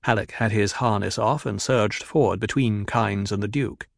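A man narrating a full-cast audio drama in a steady, even storytelling manner. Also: fairly low pitch, moderate pace, creaky, no room sound, studio quality.

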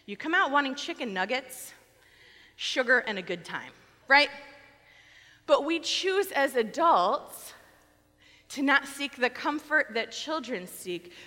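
A middle-aged woman pastor giving a conversational, animated sermon on a microphone, telling a personal story and acting out quoted lines. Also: high voice, slow pace, pauses often. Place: church sanctuary. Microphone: wearing a microphone. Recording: long reverb of a church hall.

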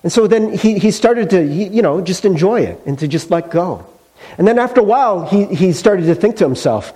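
A man's voice: high voice, animated, brisk, dark tone. A male pastor preaching a sermon in a conversational storytelling way, with casual fillers.

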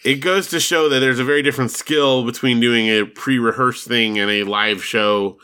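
A man co-hosting a podcast in relaxed, chatty conversation, often laughing. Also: medium pitch, normal speed, clean tone. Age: adult with children. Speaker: podcast co-host. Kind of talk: casual chat.

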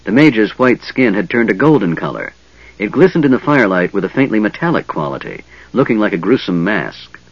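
A man narrating a fantasy novel in a dramatic, expressive reading. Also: on the low side, fairly quick, slightly rough, no echo, lo-fi sound. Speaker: audiobook narrator.

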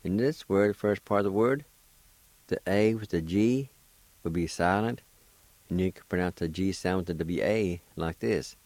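A man's voice: deep voice, normal speed, dry recording, poor audio. A man from Oklahoma hosting a radio language lesson, spelling and pronouncing words patiently and encouraging his listeners. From Oklahoma, United States. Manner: patient, encouraging, gently joking. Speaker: radio host teaching language. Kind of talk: slow spelling and pronunciation lesson.

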